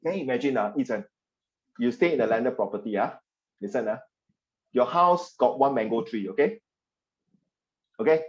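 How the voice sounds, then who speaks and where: Animated man teaching history online. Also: mid-range voice, normal speed, pauses often, dull audio. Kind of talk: online class lecture.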